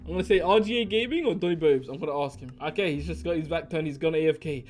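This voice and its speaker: Excitable young man with a high voice. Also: quick pace, hardly any pauses. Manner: excitable, jokey, swings between mumbling asides and shrieking. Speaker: Minecraft YouTuber. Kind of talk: playful gaming commentary. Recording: faint background music.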